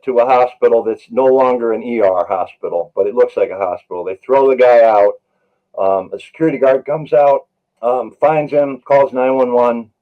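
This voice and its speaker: Brief: male paramedic guest, mid-pitch, earnest anecdotal storyteller, slightly muffled lo-fi recording. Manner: earnest, anecdotal, many "you know" fillers. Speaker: paramedic and author, interview guest. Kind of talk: storytelling in a podcast interview.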